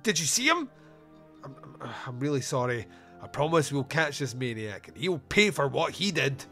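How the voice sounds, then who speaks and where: Brief: gruff middle-aged sheriff, done by a man, clipped and curt. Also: mid-range voice, very animated, moderate pace, sharp tone, faint music behind.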